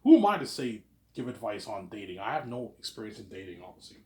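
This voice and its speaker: A man's voice: fairly low pitch, very animated, fast, darkish tone. A man, around thirty, rambling in a casual, self-assured monologue and tacking "obviously" and "man" onto his sentences. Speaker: vlogger. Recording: roomy echo.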